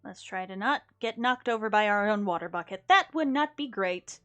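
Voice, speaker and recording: Over soft background music, this young woman chats her way through a game on stream, teasing herself and humming little effects. She speaks at normal speed in an expressive, mid-range voice.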